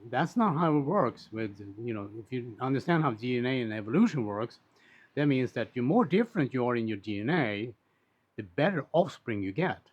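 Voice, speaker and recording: A man's voice: mid-range voice, big pitch swings, normal speed. Blunt, swearing man ranting on a dull recording. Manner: blunt, rambling, swears freely. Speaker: commentator on social issues. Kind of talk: casual unscripted monologue.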